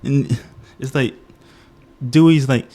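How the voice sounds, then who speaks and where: A man's voice: mid-range voice, slow pace, warm tone. A man giving a casual, comedic movie review, ranting in exasperation, often laughing and restarting his sentences.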